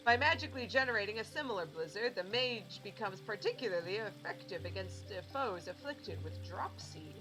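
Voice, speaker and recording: A woman's voice: medium pitch, animated, fairly quick, hardly any pauses, music in the background, low-quality recording. A woman streaming a game, chatting casually, laughing at herself, and reading ability tooltips aloud with small stumbles. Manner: self-deprecating, giggly, reads tooltips aloud with stumbles.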